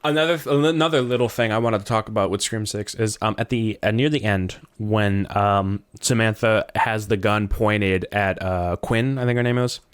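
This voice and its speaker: A man hosting a podcast, chatting casually about movies, animated and quick to swear. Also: on the low side, clean tone. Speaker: podcast host.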